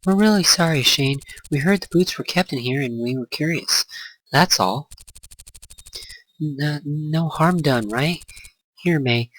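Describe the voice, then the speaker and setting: Man voicing a nervous young schoolgirl, pitched up. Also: lively intonation, a little slow, long pauses, a bit bright, low-quality recording. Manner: nervous, apologetic. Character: anxious young female student narrator.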